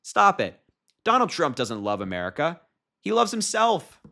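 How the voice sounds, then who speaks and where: Bright-voiced young man mocking politics. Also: on the high side, huge pitch swings, normal speed, vocal fry. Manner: mocking, laughs at his own points. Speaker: political commentator. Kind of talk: casual political commentary.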